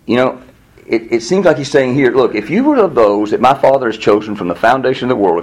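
A man preaching a sermon in a conversational way, acting out the quotes and chatting with the listeners. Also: a little fast. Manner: animated, acts out quotes with rising pitch; conversational, with laughs and audience asides. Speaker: pastor.

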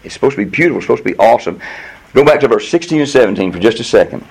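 An earnest male pastor delivering a sermon, explaining scripture verse by verse. He often stumbles and restarts his phrases. His voice sits at an ordinary middle pitch. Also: expressive, racing, vocal fry, darkish tone, husky, rough recording. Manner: earnest preaching with frequent restarts.

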